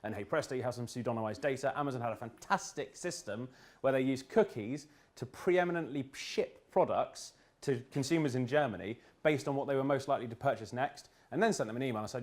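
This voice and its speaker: Male speaker for a live talk, wry, jokey, quick asides, mid-pitched. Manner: joking, quick asides, restarts. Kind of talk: humorous presentation. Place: event room with an audience.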